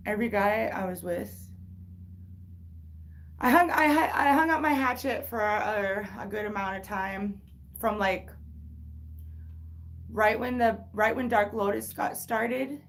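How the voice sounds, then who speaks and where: A woman's voice: medium pitch, creaky, slight background noise. A woman in her thirties telling a personal story on a casual livestream, candid and rambling, full of swearing and restarts. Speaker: livestream host.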